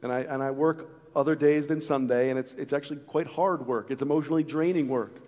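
A middle-aged man preaching a sermon as pastor, earnest, moving from loud calls to hushed, intimate lines. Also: fairly high pitch, fairly even intonation, fast, in a large hall. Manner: acts out voices in a story.

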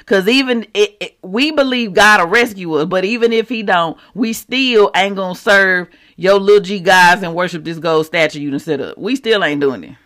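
A preacher voicing three young Hebrew men who flatly refuse to bow to a king, in a slightly lower, stubborn tone. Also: moderate pace, hardly any pauses, lightly acted. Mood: defiant.

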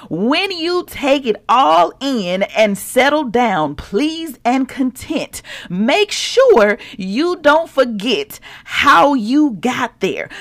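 A woman with a gravelly edge and a high voice that swoops all over as she preaches to her listeners. She takes her time, unhurried and exuberant, in a dry, close recording. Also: no echo. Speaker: podcast host. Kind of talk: devotional blog podcast.

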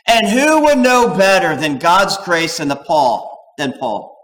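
Animated preacher with a lively voice. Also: male voice, high voice, a little slow, low-quality recording. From United States. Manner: animated, acts out quoted voices, digressive. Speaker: pastor. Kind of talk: sermon.

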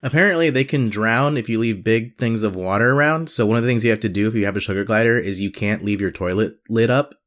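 A man's voice: fairly low pitch, fast, few pauses, a bit bright. A man co-hosting a podcast in casual chat, joking and rambling with fillers. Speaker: podcast co-host.

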